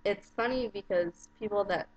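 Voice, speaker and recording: A young woman from Arizona with an Arizona American accent, chatting casually in a home vlog and reading out a word list. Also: mid-range voice. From Arizona, USA. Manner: chatty, unhurried, with many ums. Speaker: vlogger. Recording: dull lo-fi home webcam audio.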